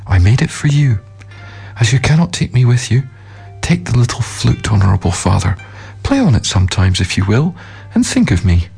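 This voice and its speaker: A thin, quavering young girl's voice, pitched high and pleading as a sorrowful little ghost from a storybook, put on by a man reading aloud. The voice rises in pitch and trembles with childish sorrow. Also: big pitch swings, normal speed, creaky, a little mellow, husky, soft background music, exaggerated voice. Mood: tender. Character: gentle young girl, later her pitiful ghost.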